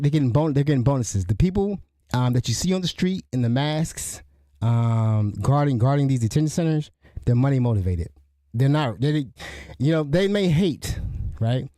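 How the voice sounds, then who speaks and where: A man's voice: medium pitch, dark tone, no echo, studio quality. A middle-aged man hosting a podcast, talking in a rambling, indignant way with frequent restarts. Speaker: podcast host. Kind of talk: casual spoken commentary.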